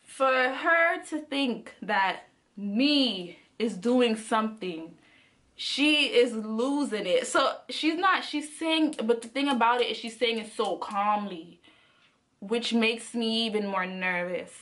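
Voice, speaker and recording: A young adult woman telling a story to her viewers in a chatty, animated way. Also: on the high side, slow. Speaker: vlogger. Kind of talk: casual storytime.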